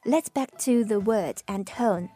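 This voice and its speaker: A woman from China with a Chinese accent, teaching Mandarin tones with patient, drawn-out model words. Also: medium pitch, mellow, faint music behind. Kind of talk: slow pronunciation lesson.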